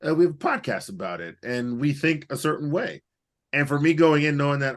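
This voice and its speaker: Animated, cursing podcast co-host man. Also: on the high side, fairly quick. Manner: animated, profane, rambling banter. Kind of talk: casual chat.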